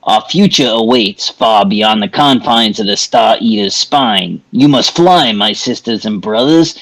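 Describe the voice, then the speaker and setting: A man's voice: lowish voice, measured pace, a bit bright, rough recording. A man voicing a boastful, gleeful male cult leader in a tabletop game. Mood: jubilant.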